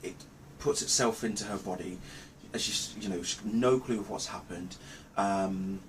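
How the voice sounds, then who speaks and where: A man recapping a film's plot in a casual review, rambling and halting with many ums and restarts. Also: on the low side, a little hiss or hum. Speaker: movie reviewer. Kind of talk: casual spoken film review.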